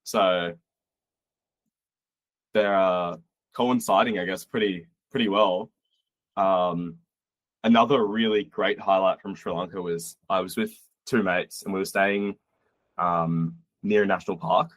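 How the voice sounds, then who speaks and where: A man's voice: deep voice, measured pace, pauses often, no room sound. A young man from Australia, a podcast guest, telling travel stories casually and animatedly, acting out quotes. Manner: animated, acts out quotes, swears. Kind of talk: casual storytelling.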